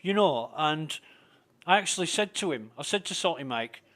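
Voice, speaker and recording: A man's voice: fairly high pitch, expressive, normal speed, fairly bright tone. A man ranting casually and with lots of profanity while he plays a game and talks to his stream. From Britain. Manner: profane, indignant, rambling.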